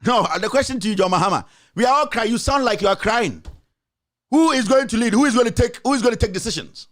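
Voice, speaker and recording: A man giving impassioned political commentary, urgent and repetitive, rising at times to shouts. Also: very high voice, animated, fast talker.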